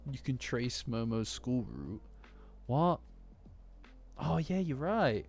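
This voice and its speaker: This Nottingham-born streamer, with a Nottingham accent, chats casually and reads a manga chapter to his viewers, rambling, getting sidetracked and teasing himself. His mid-range voice is sing-song, slow, slightly rough and a little mellow with vocal fry, set against faint lofi music.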